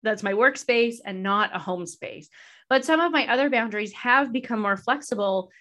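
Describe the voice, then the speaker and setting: A woman host talks through her year in a relaxed interview. She is candid and reflective, with easy laughter between thoughts. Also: mid-range voice. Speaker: podcast host being interviewed. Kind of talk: casual conversational interview.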